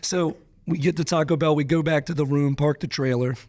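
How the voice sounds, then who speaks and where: A young man with a loose, animated way of talking, swearing freely and laughing often as a podcast guest. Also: fairly high pitch, fairly quick, a crowd in the background. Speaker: record-setting drag racer, guest. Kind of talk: casual storytelling.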